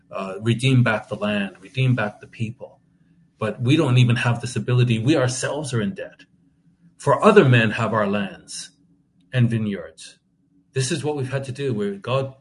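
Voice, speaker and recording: A man's voice: mid-range voice, slight background noise. A man preaching a sermon, impassioned and indignant, often restarting his words as he reads and comments on scripture.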